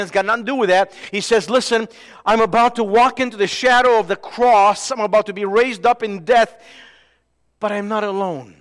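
High-voiced preacher in a reverberant hall. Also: male voice. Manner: preaching with sudden swings from loud to hushed. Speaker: pastor. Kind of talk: sermon.

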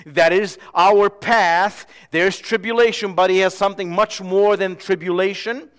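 High-voiced preacher in a reverberant hall. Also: male voice, normal speed, hardly any pauses, clear, resonant tone. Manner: preaching with sudden swings from loud to hushed. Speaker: pastor. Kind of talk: sermon.

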